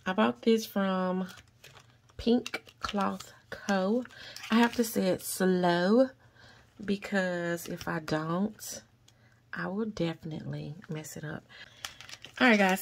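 A woman's voice: mid-range voice, creaky, a little hiss or hum. A woman chatting casually to viewers in a budgeting vlog while counting cash aloud and calling them y'all. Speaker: budgeting vlogger.

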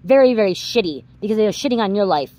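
A woman with a warm, medium-pitched voice and lively intonation talks fast as she reads cards psychically for her audience, though the audio is poor. Her delivery is emphatic and repetitive, full of swearing, and she gets more and more worked up.

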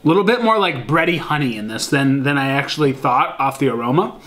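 Speaking a little fast with a medium, expressive, slightly bright voice, a Michigan man reviews a beer at home. He rambles casually, uses plenty of fillers, and calls his viewers "guys."

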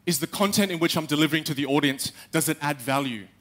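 A young man giving a live talk on stage, animated, acting out little quotes and speaking straight to the audience. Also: on the high side, quick pace. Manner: animated, acts out quotes, addresses the audience directly.

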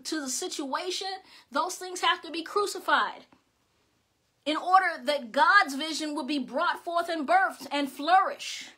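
A woman's voice: very high-pitched, pushed and bright. A woman preaching a sermon with impassioned, rhythmic exhortations, sometimes repeating words as she is stirred.

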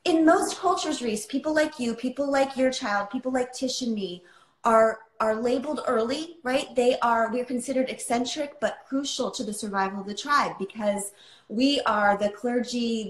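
A woman's voice: fairly high pitch, moderate pace, echoey room, poor audio. A woman author telling a personal story in a livestream chat, impassioned and often asking "right?". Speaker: author guest.

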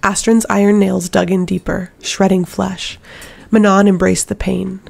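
A woman narrates a fantasy audiobook at a steady, dramatic pace. Her voice has a noticeable gravelly fry. The delivery is measured and even. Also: medium pitch.

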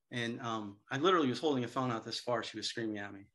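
Bright-voiced man telling sales stories. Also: mid-range voice, quick pace. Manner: lively storyteller, acts out quoted dialogue. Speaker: guest speaker on hospital sales. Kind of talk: anecdotal seminar talk.

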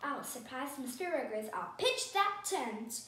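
An eager, earnest maid who takes everything literally, high and bright in voice, played by a woman reading a storybook aloud. The sound is roomy, with the speaker set back from the mic. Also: very animated, a little slow, far from the mic, exaggerated voice. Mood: cheerful. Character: cheerful literal-minded maid, adult woman.

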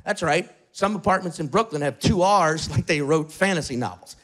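A man doing stand-up, telling a story in a casual, animated way at a live show. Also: fairly high pitch, normal speed, very noisy. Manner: animated, conversational, swearing. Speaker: stand-up comedian. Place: live show before an audience. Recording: live mic with crowd laughter.

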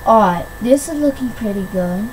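A woman giving casual gameplay commentary, excitable and quick to shriek when things go her way. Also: on the high side, background noise. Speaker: gamer. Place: at home on a PC.

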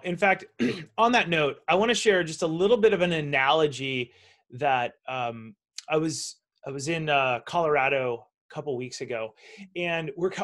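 A middle-aged man hosting an interview, telling a story in a lively way and acting out the voices he quotes. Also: on the high side. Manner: animated, acts out quoted voices. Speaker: show host.

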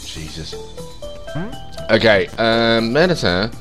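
A man's voice: a little slow, pauses often, soft background music. A man casually swearing and reacting as he plays a game. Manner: excitable, sweary, jumps in pitch. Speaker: gaming channel host. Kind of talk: let's play commentary.

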